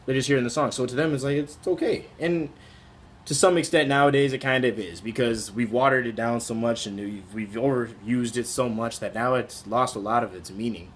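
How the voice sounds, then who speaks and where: A man's voice: mid-range voice, steady tone, a little fast, slight background noise. A young man in his twenties talking casually to camera in a vlog, candid and rambling, with many restarts. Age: 20s. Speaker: vlogger.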